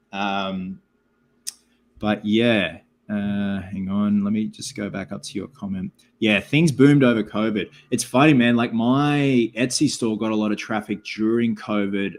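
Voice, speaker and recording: An Australian man hosting a live stream, chatting loosely with viewers and reading out their comments, full of "like" and "man". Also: fairly low pitch. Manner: filler-heavy, keeps saying like and man. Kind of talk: casual live stream chat.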